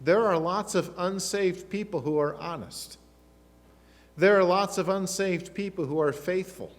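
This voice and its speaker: A man's voice: high-pitched, measured pace. A middle-aged man, preaching a sermon as pastor with emphatic rhetorical questions and asides. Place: church sanctuary. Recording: long church reverb.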